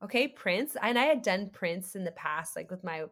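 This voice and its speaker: A woman guest on a faith podcast, telling a story in an animated way and acting out the dialogue. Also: lowish voice, moderate pace. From United States. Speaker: guest, creative entrepreneur.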